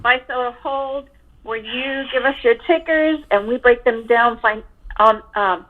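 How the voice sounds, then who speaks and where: A woman co-hosting a live trading stream, reading the welcome and follow reminders in a brisk, friendly way. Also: on the high side, narrow, tinny audio. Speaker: co-host and moderator. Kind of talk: scripted stream announcement.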